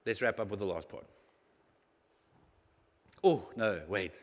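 A man preaching a sermon as a pastor, lively and animated, getting loud and quiet by turns. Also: on the low side. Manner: lively, animated preaching with sudden swings in loudness. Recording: long echo of a hall.

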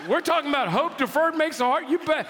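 Man, pastor, animated sermon storyteller with a wide-ranging delivery; church hall echo. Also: very high voice, quick pace, a little hiss or hum. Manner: animated, exclaiming, dramatic retelling. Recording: long hall reverb.

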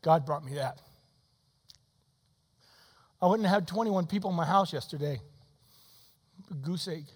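A man in his sixties preaching an altar call in a church, swinging between soft pleading and loud shouting. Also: on the high side, measured pace, long pauses. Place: church sanctuary. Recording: long hall reverb.

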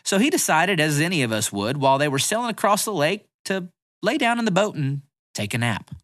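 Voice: medium pitch, sing-song, fairly quick, fairly bright tone, no echo, studio quality. A children's bible teacher telling a story with a playful, dramatic manner, talking straight to the kids.

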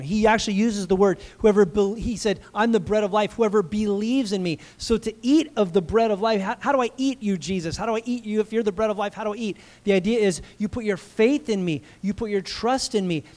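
Man preaching, high voice, emphatic, conversational, rhetorical questions. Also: a little mellow. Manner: emphatic, calls out "Amen?" to the congregation. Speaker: pastor. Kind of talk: sermon.

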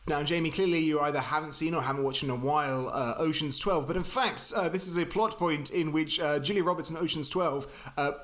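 Male podcast co-host, slightly high pitch, wry and pedantic. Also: brisk, hardly any pauses, fairly bright tone. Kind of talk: casual film discussion.

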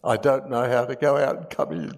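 A man's voice: medium pitch, brisk, vocal fry. A man preaching a sermon, reading scripture aloud and adding emotional, humorous asides.

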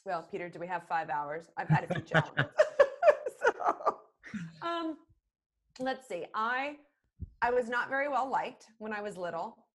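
A middle-aged woman talking as a communication expert on a podcast, animated and expressive, acting out the phrases she quotes. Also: mid-range voice. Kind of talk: conversational podcast interview.

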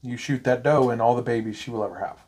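A man, co-hosting a podcast and telling a story in a loose, animated way with frequent laughter and casual swearing. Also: medium pitch, quick pace, slightly rough. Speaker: podcast co-host.

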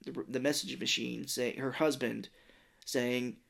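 A man's voice: mid-range voice, steady tone, a little slow, gravelly, a bit bright. A man in his thirties co-hosting a casual movie podcast, recapping scenes at length and acting out lines in silly voices. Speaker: podcast co-host. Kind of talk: casual movie-review chat.

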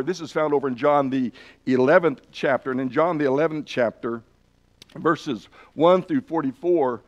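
A man's voice: on the high side, highs cut off. A man preaching a sermon, earnestly retelling and reading scripture passages aloud with emphasis. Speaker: pastor.

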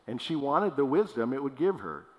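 A man's voice: medium pitch, big pitch swings, normal speed, darkish tone. A man preaching a sermon as pastor, in a casual, conversational way. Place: church hall. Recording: long hall reverb.

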